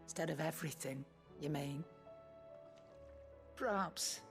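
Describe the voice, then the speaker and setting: An actress playing a gruff, suspicious older woman trader who talks curtly and sarcastically. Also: low-pitched, a little slow, music in the background. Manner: curt, sarcastic, dialect grammar.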